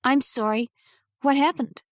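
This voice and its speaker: A woman's voice: sits high, unhurried, no echo, voice pushed up. A woman voicing a nervous young female visitor who talks in a flustered, hesitant way, in an audiobook. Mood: subdued. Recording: dry close studio sound.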